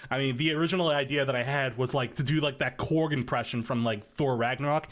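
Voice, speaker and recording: A man's voice: mid-range voice, fast talker, few pauses, a bit bright. Rambling young man in podcast chat. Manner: rambling, many fillers and restarts. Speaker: podcast guest, machinima creator.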